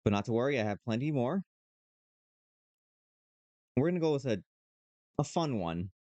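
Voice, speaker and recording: A man streaming, reading a dating sim aloud with playful, animated reactions. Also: medium pitch, moderate pace, no echo, lo-fi sound.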